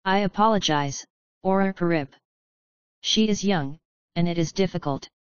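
A woman voicing a stern, self-controlled elder female hag who leads her group, speaking in a measured, firm way. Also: lowish voice, clean tone, dry recording, close to an everyday voice. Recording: slightly dull, dry studio sound.

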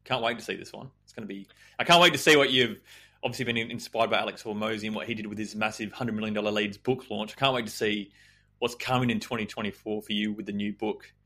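Bright-voiced podcast host. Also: male voice, lowish voice, fairly even intonation, fast. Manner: attentive, encouraging, fills in with murmurs. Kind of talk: podcast interview.

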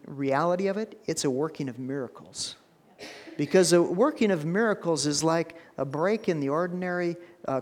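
A middle-aged man preaching a sermon as pastor, folksy and repeating his words, rising to loud preaching. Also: a little high. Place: church sanctuary. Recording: long church hall reverb.

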